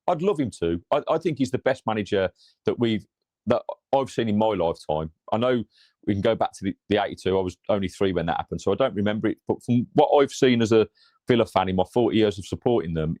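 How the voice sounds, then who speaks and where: A man's voice: on the low side, darkish tone, no echo. A man, talking earnestly in a casual football chat and often repeating his opening words. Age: 40s. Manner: measured, earnest, repeats words while starting sentences. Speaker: football fan podcast co-host.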